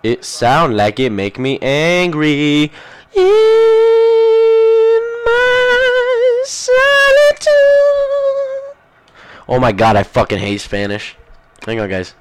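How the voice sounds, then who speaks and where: A man's voice: lowish voice, steady tone, normal speed, very noisy. A man hosting a podcast in casual rambling chat, crude and profane, jumping from one thing to the next. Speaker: podcast host.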